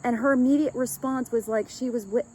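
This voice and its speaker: A woman's voice: on the high side, steady tone, fairly quick, warm tone, a little hiss or hum, low-quality recording. A woman giving a casual, rambling love reading as a tarot reader, chatting with light laughs.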